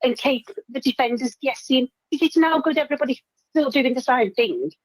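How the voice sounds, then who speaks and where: A friendly woman calls in to a casual football phone-in. Her voice is fairly high and comes through dry and close. She tells stories and keeps ending on tag questions. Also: a little fast, no echo, rough recording. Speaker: caller.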